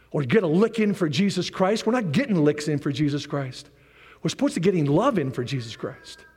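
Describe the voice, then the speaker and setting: A male pastor preaches with animated energy, piling up repeated rallying phrases and dropping joking asides. His voice is a touch higher than most men's, and long reverb trails each phrase through what sounds like a church sanctuary. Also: breathy edge. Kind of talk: sermon. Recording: long reverb of a large hall.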